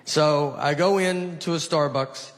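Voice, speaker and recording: A man with a Southern accent doing a stand-up routine, telling rambling deadpan stories full of "like". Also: a little high, unhurried. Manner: deadpan, rambling storytelling with many "like"s. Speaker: stand-up comedian. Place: comedy stage with live audience. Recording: live show with crowd laughter and noise.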